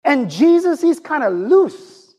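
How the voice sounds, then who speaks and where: A man preaching a sermon in an animated, conversational way, often turning to ask his congregation questions. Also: very high-pitched, slow.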